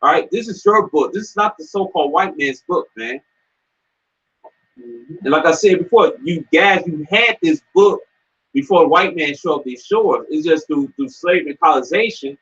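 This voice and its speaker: Husky, fiery preaching man, lo-fi sound. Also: fairly high pitch, expressive, moderate pace, fairly bright tone. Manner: profane, stammering, fiery. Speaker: co-host of a scripture discussion. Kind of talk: heated street preaching chat. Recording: dull lo-fi sound.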